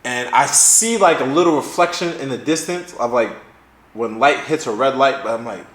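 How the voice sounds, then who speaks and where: A young man hosting a podcast, telling a story in a profane, animated way and acting out the quotes. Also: medium pitch, moderate pace. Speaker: podcast host. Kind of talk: casual storytelling chat. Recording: echoey room.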